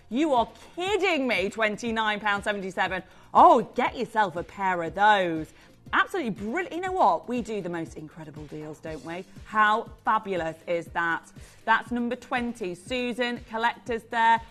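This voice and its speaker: A woman presenting on a live shopping channel, selling jewellery with gushing, effusive patter. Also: medium pitch.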